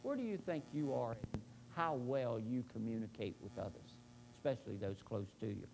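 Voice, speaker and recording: A middle-aged man preaching a sermon in an earnest, emphatic way, slowing down to stress key points. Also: mid-range voice, lively intonation, gravelly, a little mellow, slight background noise. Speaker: pastor.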